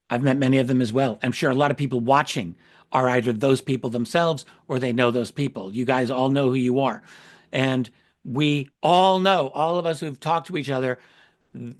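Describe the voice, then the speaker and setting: A man hosting an interview show, speaking earnestly and carefully, correcting himself as he goes. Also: mid-range voice. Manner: earnest, measured, self-correcting. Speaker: podcast host. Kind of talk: casual interview chat.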